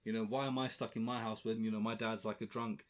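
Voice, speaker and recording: A man hosting a podcast, asking questions softly in casual chat with lots of fillers. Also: fairly low pitch, level tone, fast talker, a little hiss or hum. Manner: soft-spoken, many fillers, backchannels. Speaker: podcast host.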